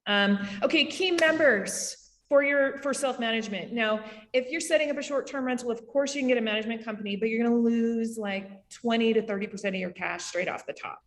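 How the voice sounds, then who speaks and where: A woman with a Canadian accent gives a casual summit talk over a video call, with quick asides and lots of fillers. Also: fairly high pitch, big-room sound. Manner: chatty, rapid asides, frequent fillers. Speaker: summit speaker on short-term rentals. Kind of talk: casual presentation.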